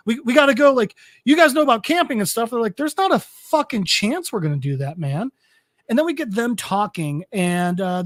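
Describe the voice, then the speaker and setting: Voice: mid-range voice, no echo. Dry, rambling podcast host recapping a comic. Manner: rambling, filler-heavy storytelling with swearing and quick quoted voices.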